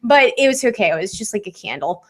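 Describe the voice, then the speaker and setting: A woman's voice: mid-range voice, sing-song, quick pace. A woman co-hosting a podcast in casual chat, speaking candidly and rambling with frequent ums. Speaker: podcast co-host.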